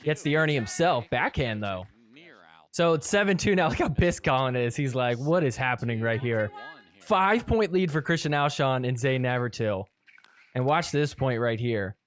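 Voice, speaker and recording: A man's voice: mid-range voice, expressive, moderate pace, a little hiss or hum. A man hosting a podcast, giving a casual, teasing play-by-play recap of match footage and laughing often. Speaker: podcast host.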